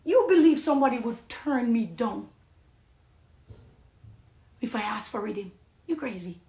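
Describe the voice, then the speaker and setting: A middle-aged Jamaican woman giving an impassioned personal testimony on a live stream, preachy, swinging between hushed confiding and loud accusing. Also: fairly high pitch, animated, unhurried, echoey room. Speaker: dancehall artist on a live stream.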